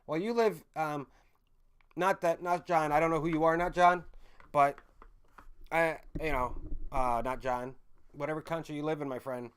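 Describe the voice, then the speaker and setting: A man's voice: a little high, fairly even intonation, moderate pace, long pauses, a bit bright, clean tone. A man hosting a casual livestream, rambling to his chat viewers, swearing freely and often correcting himself mid-sentence. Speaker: livestream host chatting with viewers.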